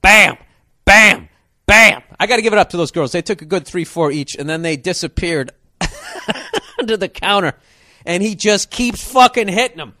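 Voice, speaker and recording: A man telling a comic story as a profane rant, animated and full of sound effects. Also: high voice, normal speed, dry recording, clean studio sound.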